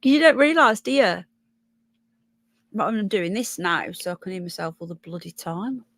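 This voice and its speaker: Medium in pitch, expressive and a bit bright, this woman talks at a normal pace. She hosts a casual livestream with a Brummie accent, from Birmingham, England, reading out news and viewer comments, thinking aloud in a chatty way and fumbling names.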